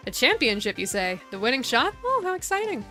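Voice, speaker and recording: A cursed old golf ghost who keeps a shop in purgatory, speaking in a theatrical, uneven Scottish lilt, as a woman puts him on. The voice sits bright and fairly high. Soft game music plays behind. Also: big pitch swings, fairly quick. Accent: attempted Scottish, mixed with Irish and British. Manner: theatrical reading of game dialogue.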